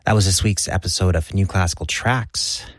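A man announcing on a classical radio station, calm and measured. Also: low voice, no room sound, clean studio sound.

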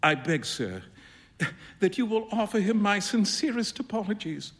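A man voicing a flustered young gentleman who exclaims and sulks over his blunders. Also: sits high, big pitch swings, normal speed, pitched above the performer's own voice, exaggerated voice. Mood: glum. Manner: dismayed, sulky exclamations.

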